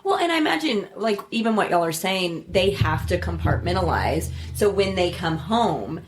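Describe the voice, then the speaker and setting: A woman's voice: lowish voice, very animated, normal speed, faint music behind. A woman who hosts a podcast and works as a counselor. She sums up her guests' points in a reflective, supportive way and affirms them often. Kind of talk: casual podcast conversation.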